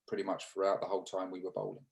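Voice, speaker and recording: Man, low voice, gravelly, English, reminiscing interview guest, hesitant restarts, video call. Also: completely flat delivery, darkish tone, rough recording. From England. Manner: reminiscing, halting with restarts and fillers. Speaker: interview guest, former cricketer. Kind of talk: casual interview storytelling.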